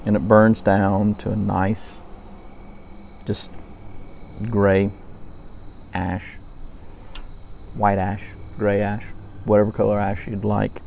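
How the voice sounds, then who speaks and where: A man from Louisiana casually reviewing pipe tobacco, relaxed and rambling with frequent ums. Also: fairly low pitch, slow pace, vocal fry, long pauses, slight background noise. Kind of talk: casual night-time review vlog.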